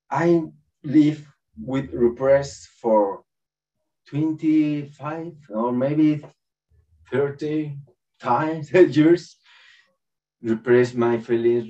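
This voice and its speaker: Animated man telling a story in broken English. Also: medium pitch. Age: 40s. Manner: broken English, acts out voices, laughs often, very animated. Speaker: speaker at a spiritual festival. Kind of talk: personal spiritual talk with acted-out scenes. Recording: dull distant recording.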